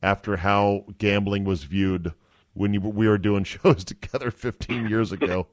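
A man's voice: fairly low pitch, steady tone, unhurried, no room sound, clean studio sound. A man hosting a podcast, chatting casually about sports and teasing his guest, laughing easily. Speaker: podcast host.

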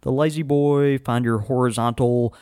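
A man's voice: mid-range voice, fairly even intonation, normal speed, darkish tone, clean tone, no room sound, studio quality. A man hosting a casual podcast about pipe tobacco, rambling with many fillers and laughing easily. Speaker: podcast host. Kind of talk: casual chat.

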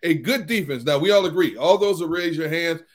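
A man co-hosting a sports talk show, teasing his co-hosts in a playful, animated way. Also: on the high side, brisk. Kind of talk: casual sports chat.

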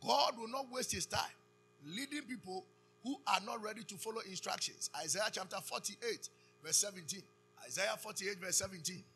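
A man with a Ghanaian accent preaching a sermon, calling out questions for the congregation to answer and building to loud emphasis. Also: high-pitched, normal speed, faint music behind. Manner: call-and-response preaching, loud rising emphasis. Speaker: pastor.

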